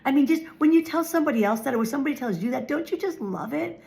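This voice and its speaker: A woman's voice: high voice, expressive, rapid-fire, vocal fry, a little mellow. A woman in her fifties giving an earnest, emphatic spiritual talk, often repeating her phrases. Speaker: spiritual vlogger.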